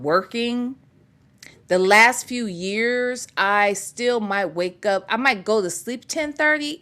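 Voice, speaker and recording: A woman's voice: medium pitch, a bit bright. A middle-aged woman hosting a casual livestream, greeting viewers by name and reading their comments aloud in a chatty, playful way. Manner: chatty and playful, laughs freely. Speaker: livestream host.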